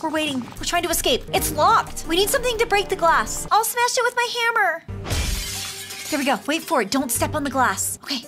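A woman hosting an excited let's-play, reacting dramatically with squeals and gasps. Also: extremely high pitch, a little fast. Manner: dramatic, squealing and gasping at scares. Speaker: gaming video host. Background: game music.

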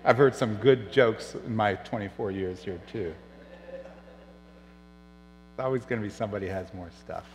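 A middle-aged man preaching a sermon as pastor, telling stories and dropping soft and low on serious points. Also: measured pace, pauses often, long reverb tail, slight background noise, poor audio. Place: church.

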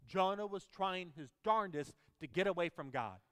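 A man's voice: high-pitched, animated, normal speed, a bit bright, clear, resonant tone, in a large hall. A man preaching a sermon as pastor, emphatic and putting questions to the congregation.

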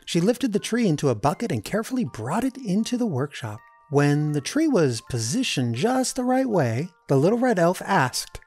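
A woman reading a children's storybook aloud in an expressive, animated way. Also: on the low side, normal speed, hardly any pauses, soft background music. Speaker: storybook reader. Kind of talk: children's read-aloud narration.

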